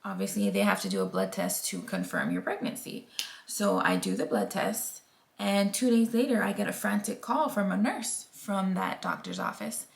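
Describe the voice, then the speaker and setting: A woman's voice: mid-range voice, animated, normal speed, gravelly. A woman in her thirties telling a personal story to camera in a casual, emphatic way. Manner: candid and emphatic, acts out quoted voices. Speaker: vlogger.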